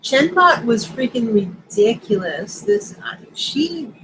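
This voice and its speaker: Brief: middle-aged woman from Long Island, chatty live-stream host, slightly high voice, faint room noise. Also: big pitch swings. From Long Island, New York. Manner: chatty, quick asides, reads viewer comments aloud. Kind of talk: casual live-stream chat.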